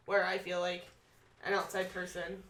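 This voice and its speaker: Bright woman heard from a distance. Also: fairly low pitch, monotone, moderate pace. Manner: teasing, questioning. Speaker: podcast co-host. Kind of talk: casual chat. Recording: echoey room, distant mic.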